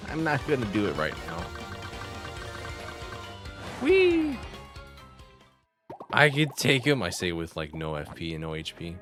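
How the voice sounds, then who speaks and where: A man's voice: low voice, a little fast, few pauses, pushed and bright, faint music behind. A man commenting casually while streaming a game, chatty and reacting to chat. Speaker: gaming streamer.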